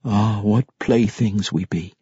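A man voicing a troubled old dwarf king in an audiobook, muttering in rough folksy speech. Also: on the low side, takes it slowly, warm tone, dry recording, dull audio, heavily acted. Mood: bitter muttering. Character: troubled old male dwarf king, gruff and guilt-ridden. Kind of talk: audiobook character voice.

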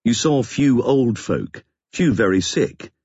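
A man narrating a novel in a measured, even storytelling manner. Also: mid-range voice, slightly rough, no echo, muffled recording. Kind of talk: scripted audiobook narration.

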